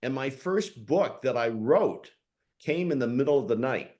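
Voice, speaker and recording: A man hosting a conversation, animated, often laughing as he tells stories. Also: medium pitch, unhurried. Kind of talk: conversational interview.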